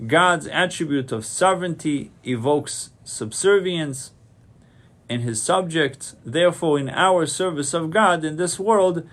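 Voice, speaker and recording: A man's voice: a little high, measured pace, fairly bright tone. A man, a rabbi, giving a Torah lecture, saying Hebrew terms and then translating them, often repeating a phrase to stress it. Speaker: rabbi teaching a class.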